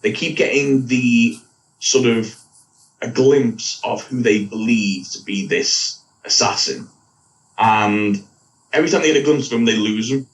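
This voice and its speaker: A man's voice: mid-range voice, a little slow. A man co-hosting a podcast, recapping an episode in a rambling casual way and correcting himself as he goes. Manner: rambling, self-correcting, laughs at own slips. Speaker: podcast co-host. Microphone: wrong mic picking him up from afar. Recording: distant from the mic.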